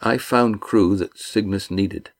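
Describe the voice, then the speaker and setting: A man's voice: fairly low pitch, takes it slowly. A man voicing a whiny, defeated sailor. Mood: miserable. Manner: whiny, pleading. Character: bitter, scheming young sailor, beaten down.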